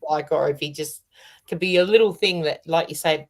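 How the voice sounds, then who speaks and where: An Australian woman co-hosting a relaxed online chat. Her voice sits fairly low for a woman, and she laughs often as she chats and reads out viewer comments. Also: moderate pace. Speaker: co-host. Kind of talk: casual chat.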